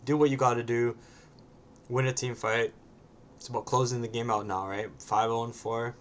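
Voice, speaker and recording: A man's voice: mid-range voice, little pitch movement, normal speed, slight background noise. A man casually commenting on his own match, often ending points with a questioning "right?" and sometimes swearing bluntly.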